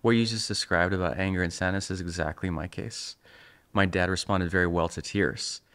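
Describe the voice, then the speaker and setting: A man's voice: deep voice, steady tone, normal speed, a bit bright, smooth. A man hosting an interview, speaking in a reflective and candid way. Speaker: host. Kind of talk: interview conversation.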